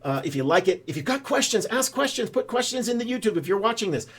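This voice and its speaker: A man's voice: high voice, sing-song, quick pace, fairly bright tone, husky. An older man, a financial adviser, explaining in a folksy, rambling way with many ums and uhs. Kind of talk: casual explainer talk.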